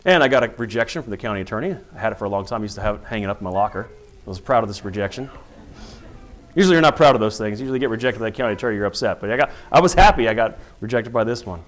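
A man's voice: lowish voice, animated, rapid-fire. A middle-aged man, a police officer, telling a personal story in earnest and acting out the dialogue as a testimony of faith.

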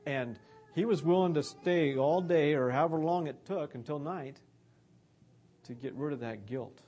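A man's voice: fairly high pitch, normal speed, dark tone. A man giving an earnest, conversational sermon about scripture.

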